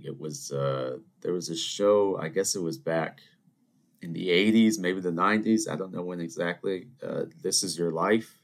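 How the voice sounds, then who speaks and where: A man hosting a solo podcast, telling rambling anecdotes in an animated, conversational way. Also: sits low. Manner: animated storytelling, rambling asides, mock voices. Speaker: podcast host. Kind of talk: solo ranting monologue.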